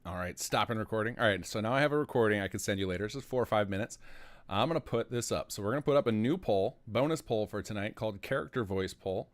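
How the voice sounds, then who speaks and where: A man's voice: fairly low pitch, fast. A man hosting a modding livestream, chatting casually and enthusiastically with his guest. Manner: enthusiastic, organizing. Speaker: stream host, game modder.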